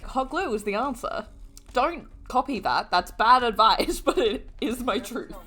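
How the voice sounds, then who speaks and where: A woman's voice: a little high, expressive, a little slow, fairly bright tone. A woman giving casual rewatch commentary, giggly and gushing, laughing often. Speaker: reaction video host.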